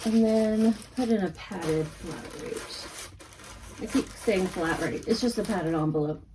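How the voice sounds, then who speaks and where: A woman's voice: mid-range voice, measured pace, noisy background. A woman from Texas with a light Texas accent, chatting casually and thinking aloud as she packs up her online sales at home. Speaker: online reseller. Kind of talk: casual chat while packing orders.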